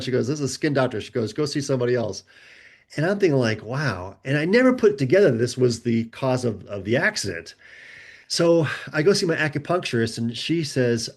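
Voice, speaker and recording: A man, a guest author, telling a personal story in a relaxed conversational way, acting out the people he quotes. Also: medium pitch, normal speed. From United States. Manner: animated, acts out quoted voices.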